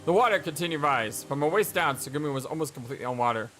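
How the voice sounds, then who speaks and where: A let's play host reading a visual novel aloud and reacting in an excitable, stammering way. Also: male voice, fairly high pitch, racing, soft background music.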